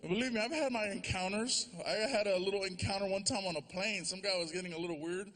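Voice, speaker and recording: A man's voice: high voice, fast talker. A man doing stand-up comedy on stage, telling a long story and acting out the voices of the people in it. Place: large theater before a live audience. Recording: live show with loud crowd noise.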